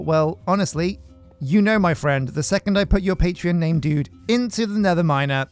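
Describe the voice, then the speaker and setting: Casual gameplay host: man, fairly high voice, joking and rambling, faint music underneath. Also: lively intonation, normal speed. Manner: joking, rambling, self-mocking. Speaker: gaming channel host.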